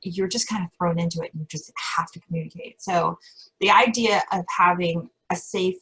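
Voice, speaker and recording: Husky woman rambling with laughs. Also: on the low side, fairly even intonation, moderate pace, fairly bright tone, low-quality recording. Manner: rambling, self-correcting, laughs often. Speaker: podcast guest. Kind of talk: casual interview chat.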